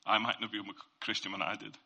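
A man's voice: fairly low pitch, level tone, fast, vocal fry, background noise. A man giving an informal Christian faith talk. He speaks earnestly and conversationally, sharing testimony and addressing listeners directly.

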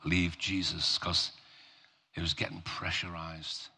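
A male preacher giving a sermon, talking slowly and emphatically in a conversational way, with rhetorical questions to the congregation. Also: low voice, flat delivery, vocal fry, bright, forceful tone, breathy edge.

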